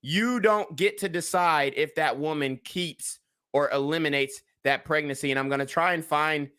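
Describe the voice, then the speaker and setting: Bright-voiced man giving blunt commentary. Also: fairly high pitch, normal speed, clear, resonant tone. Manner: blunt, profane, lectures the viewers and asks them to vote in a poll. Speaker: commentary channel host. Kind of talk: reaction commentary on a played clip.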